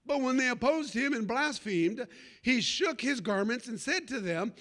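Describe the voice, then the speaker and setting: A male preacher with a very high, bright and forceful voice. He delivers a fervent sermon, calling for amens from the congregation and telling homespun personal stories along the way. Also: animated, moderate pace. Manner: fervent, calls for amens, folksy storytelling.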